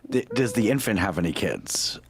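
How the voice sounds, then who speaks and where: Male podcast co-host, wisecracking, lively up-and-down delivery. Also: on the low side, normal speed. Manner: wisecracking, argumentative. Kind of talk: casual banter.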